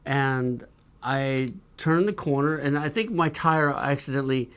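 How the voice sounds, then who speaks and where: A man co-hosting a casual talk show, telling an anecdote in an animated way and putting on the voices of the people in it. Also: mid-range voice, a little slow, smooth. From California. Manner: animated storyteller who acts out the voices in his anecdotes. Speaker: co-host. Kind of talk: casual storytelling chat. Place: studio.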